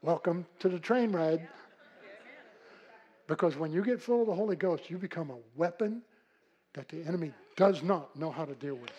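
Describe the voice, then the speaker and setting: An older man preaching a sermon with a husky voice, telling folksy stories and swinging from loud calls to hushed, quiet passages. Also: a little high, normal speed, pauses often, muffled recording. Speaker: pastor.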